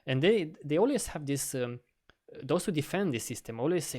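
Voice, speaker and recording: A man co-hosting a casual podcast conversation, animated and swearing often, with frequent laughs. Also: a little high, moderate pace. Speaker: podcast co-host.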